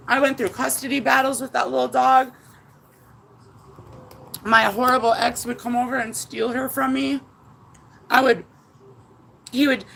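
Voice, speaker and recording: A woman talks to her viewers from home in a high voice with a gravelly edge. She rambles through her feelings, swears freely and sounds close to tears. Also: a bit bright, slight background noise, rough recording. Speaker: vlogger. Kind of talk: casual chat to viewers. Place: at home indoors.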